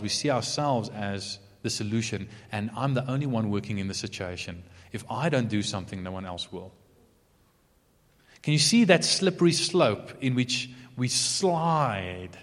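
An earnest male preacher delivering a sermon with a mid-pitched voice that swings widely between emphatic highs and hushed lows. His words carry a long reverb, as if spoken in a large hall. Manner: earnest, expressive, occasional soft asides.

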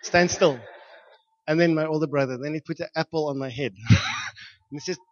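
A man from Johannesburg, preaching a storytelling sermon and acting out shouts and sound effects with frequent laughter. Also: on the high side, steady tone, racing, muffled recording. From South Africa, Johannesburg.

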